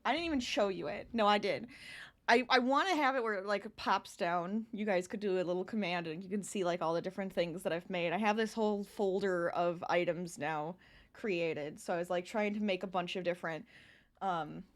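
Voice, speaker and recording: A woman's voice: lowish voice, fairly quick. A young adult woman chatting casually with her live-stream viewers while she crochets, laughing often as she talks.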